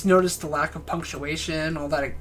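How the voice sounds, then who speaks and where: A man's voice: on the high side, steady tone, normal speed, a bit bright, faint music behind. A man with a nasal voice, just over a cold, casually commenting while playing and reviewing a game. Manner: joking, rambling, trails off.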